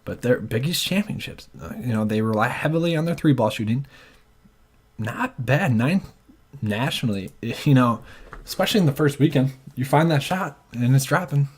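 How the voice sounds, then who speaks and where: A man's voice: medium pitch, lively intonation, moderate pace, husky. A man thinking aloud as he works through his basketball bracket picks, with hesitant fillers. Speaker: sports channel host.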